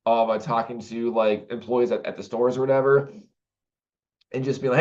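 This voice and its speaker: A man's voice: mid-range voice, steady tone, normal speed, darkish tone. A man talking casually to the camera in a rambling way, with many restarts and fillers. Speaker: vlogger. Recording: dull lo-fi recording.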